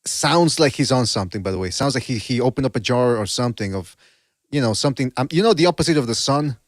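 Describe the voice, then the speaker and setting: Podcast host, male, excitable rhetorical style, dry mic. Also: mid-range voice, quick pace, no room sound. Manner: animated, repeats himself, rhetorical questions. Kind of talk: casual boxing podcast banter.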